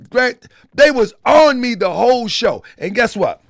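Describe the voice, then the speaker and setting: A man's voice: very high-pitched, sing-song, unhurried, creaky, a bit bright, no echo, studio quality. A man hosting a live stream in a casual, repetitive style, talking straight to his chat. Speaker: live-stream show host.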